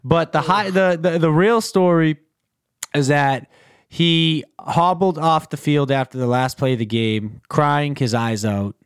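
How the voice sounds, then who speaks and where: A man hosting a casual sports podcast, talking in a relaxed, rambling way with lots of fillers. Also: on the high side, a little slow, clear, resonant tone, no room sound, clean studio sound. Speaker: podcast host.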